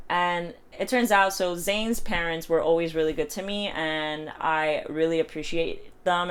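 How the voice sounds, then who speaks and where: A young woman in her twenties tells a personal story to camera in a casual vlog. She acts out every quote with sharp swings in pitch and loudness and swears freely. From New York. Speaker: vlogger.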